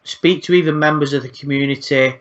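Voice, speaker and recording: A man talks casually as a channel host, rambling from thought to thought and swearing freely. His voice sits at an ordinary middle pitch. The recording sounds dull and lo-fi. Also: fairly even intonation, fairly quick, fairly bright tone. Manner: rambling, frequent swearing, repeats words. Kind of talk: casual podcast chat.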